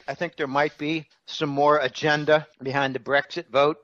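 Bright high-voiced man explaining finance. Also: level tone, moderate pace, highs cut off. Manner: explanatory, uses analogies. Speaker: guest financial analyst. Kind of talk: conversational interview explanation.

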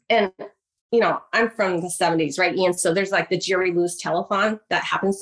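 A middle-aged woman guest telling a personal story in a podcast interview, animated and full of fillers and restarts. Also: lowish voice, brisk. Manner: animated storytelling, acts out voices in quotes. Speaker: guest author.

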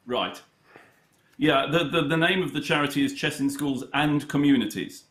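A man being interviewed about his chess charity, telling anecdotes in a halting way with many fillers and a dry humour. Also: a little high, fairly bright tone. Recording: roomy echo.

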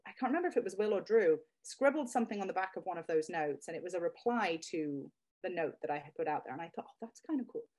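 Woman guest in her 30s, emotional, earnest interview talk, lowish voice. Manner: heartfelt, near tears at times. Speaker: guest, product creator.

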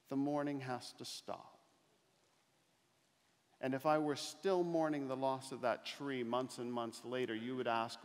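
A middle-aged man giving an inspirational keynote speech, telling stories with slow, emphatic pauses that build to louder climaxes. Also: medium pitch. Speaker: motivational speaker. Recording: long reverb of a large hall.

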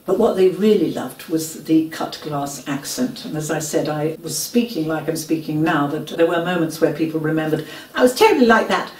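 A woman's voice: low voice, fairly even intonation, moderate pace, few pauses, mellow, slight background noise. A woman with an English accent, an actress recalling her comedy roles in a chatty, theatrical way. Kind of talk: casual career recollection. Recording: roomy, from a distance.

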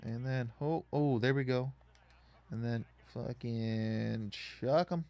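A man's voice: mid-range voice, slow, dark tone. A man casually commenting on a wrestling video game as he plays, rambling and swearing in frustration at it. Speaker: gaming YouTuber.

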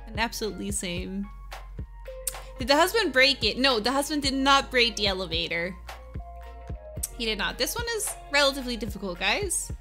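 Woman streamer, animated, sharp bright tone; upbeat, answers viewers by name. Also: on the high side. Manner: upbeat, laughs often, answers chat by name. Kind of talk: casual chat with live viewers.

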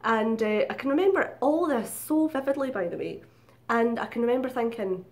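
In her casual storytelling vlog, a woman addresses viewers straight on, swearing freely and laughing at herself in a chatty, open way. She speaks at a normal speed, her voice a little high, expressive and slightly mellow.

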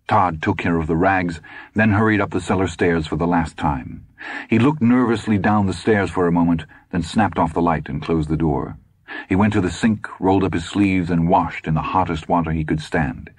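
A man narrating an audiobook in a measured, tense storytelling manner. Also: sits low, breathy edge, no echo.

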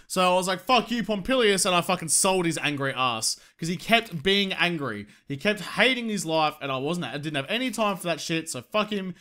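A man's voice: fairly high pitch, bright, forceful tone. A man giving casual gameplay commentary with lots of swearing and exasperated outbursts. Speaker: gaming video host.

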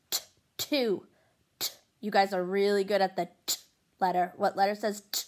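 A woman teaching a pre-K phonics lesson, sounding out letters and words clearly and slowly for young children, with encouraging praise between them. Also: medium pitch, level tone.

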